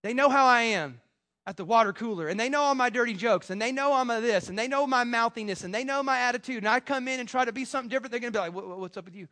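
A man preaching a sermon as pastor, animated, acting out the voices of people he quotes, with stammering restarts. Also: very high-pitched, quick pace. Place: church.

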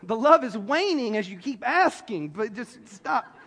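High-voiced preacher in a reverberant hall. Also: male voice, measured pace, slightly rough. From South Carolina. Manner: animated storytelling, acts out voices, playful asides. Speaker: pastor. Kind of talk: sermon. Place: large hall before an audience.

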